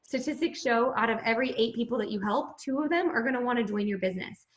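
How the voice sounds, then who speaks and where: Female business coach, encouraging, slightly high voice, muffled roomy recording. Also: fast talker. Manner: upbeat, encouraging, addresses "guys". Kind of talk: coaching call. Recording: echoey and dull.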